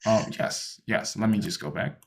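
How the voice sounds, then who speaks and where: A man's voice: lowish voice, normal speed, vocal fry. A man teaching an online English lesson, patient and explaining with many ums and restarts, on a computer microphone. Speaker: English tutor.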